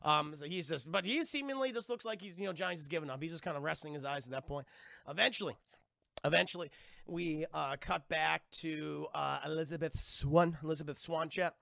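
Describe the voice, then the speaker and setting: A young man streamer rambles through a movie recap for his chat, swearing freely. His voice sits high and is thick with vocal fry and a bright, tense edge. The sound is dry and close. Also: fairly quick, no room sound. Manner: profane, rambling, animated storytelling.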